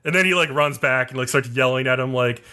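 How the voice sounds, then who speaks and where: A man's voice: mid-range voice, brisk, sharp tone. Guy rambling through an anime recap on a podcast, says like a lot. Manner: rambling, heavy on "like" fillers. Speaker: podcast co-host.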